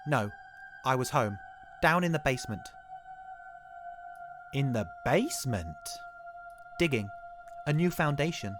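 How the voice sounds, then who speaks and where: Guy voicing a freaked out shop owner yelling for help, music behind. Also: mid-range voice, expressive, measured pace, pauses often, pitched above the performer's own voice, lightly acted. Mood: shaken pleading. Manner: shouting, desperate, pleading. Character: frantic middle-aged male shopkeeper, panicked.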